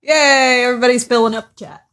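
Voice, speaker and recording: A woman's voice: a little high, steady tone, brisk, a bit bright. Playful woman co-hosting a livestream. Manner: playful, teasing, quotes movies. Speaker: livestream co-host. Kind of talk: casual livestream chat.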